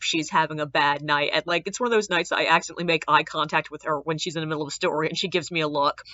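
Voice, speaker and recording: A woman who works as a ghost tour guide, telling a casual storytime tale and acting out the people in it with sudden jumps in her voice. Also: no room sound. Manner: animated, acts out quoted people with big pitch jumps. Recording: dull lo-fi dry sound.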